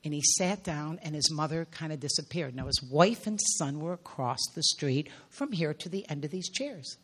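Middle-aged woman preacher, husky and breathy, intense emotional testimony that dips to hushed whispers. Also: deep voice, animated, normal speed. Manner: intense, drops to near whispers.

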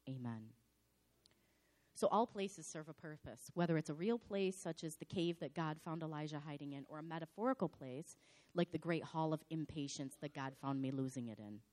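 A slightly hoarse woman pastor giving a sermon in a dramatic, animated storytelling manner. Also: deep voice.

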